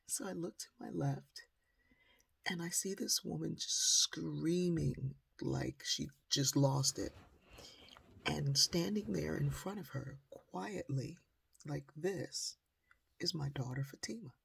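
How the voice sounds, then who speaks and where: A middle-aged woman with a husky voice telling a personal story in an animated, dramatic way. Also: a bass voice, a little slow. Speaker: motivational speaker.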